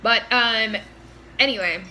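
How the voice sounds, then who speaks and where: A young woman co-hosting a casual TV recap, animated and swearing as she acts out her reactions. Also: on the high side, slow, a little hiss or hum. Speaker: co-host.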